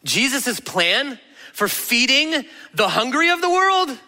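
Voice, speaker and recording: A man preaching a sermon as pastor, telling the story in an animated, conversational way. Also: very high voice, slow pace, big-room sound. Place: church auditorium.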